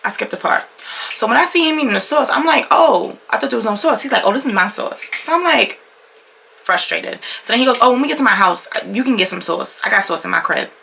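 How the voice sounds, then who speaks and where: Gravelly young woman telling a storytime. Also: fairly high pitch, quick pace, a little hiss or hum. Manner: animated, slangy storytelling with lots of swearing. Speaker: vlogger. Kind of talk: casual storytime vlog.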